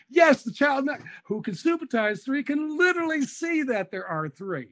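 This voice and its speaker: A man's voice: very high voice, sing-song, normal speed, few pauses. A man being interviewed as an education expert, explaining methodically and patiently with small hesitations.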